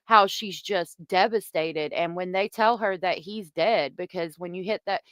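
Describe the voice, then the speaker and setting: A woman's voice: lowish voice, measured pace, a bit bright, no room sound. A woman hosting a casual true crime livestream, chatty and gossipy, reading viewer comments aloud.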